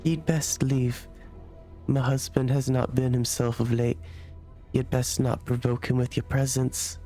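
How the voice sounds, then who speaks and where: A man's voice: medium pitch, flat delivery, measured pace, soft background music, natural voice. A man voicing an anxious middle-aged woman who speaks hesitantly in an old-fashioned dialect. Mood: worried. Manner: hushed, hesitant, rough old-world dialect.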